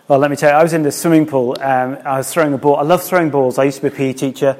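A man's voice: mid-range voice, fairly even intonation, rapid-fire, hardly any pauses, a little mellow, in a large hall. A man, a church minister, preaching a sermon in a candid, conversational way.

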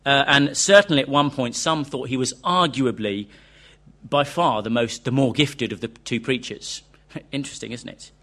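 A man's voice: medium pitch, normal speed, sharp tone. A man preaching a sermon, earnest and questioning, reading a quoted interview aloud to his congregation.

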